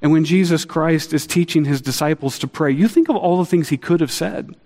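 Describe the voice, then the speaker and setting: A middle-aged man preaching a sermon, earnest and animated, acting out quotes with a lifted voice. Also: brisk. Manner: earnest, animated, acts out quotes with rising pitch. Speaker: pastor. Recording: long hall reverb.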